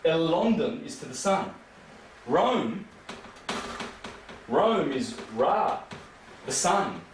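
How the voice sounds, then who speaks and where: A man's voice: a little high, sing-song, very slow. A man giving a rambling, emphatic lecture full of rhetorical questions. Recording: echoey room from far off, faint noise.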